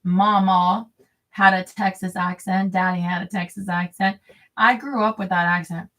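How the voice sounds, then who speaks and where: A woman's voice: on the low side, fairly even intonation, normal speed, fairly bright tone. A woman reading a memoir aloud, breaking off into crude, rambling, chatty asides. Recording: voice a bit distant from the mic.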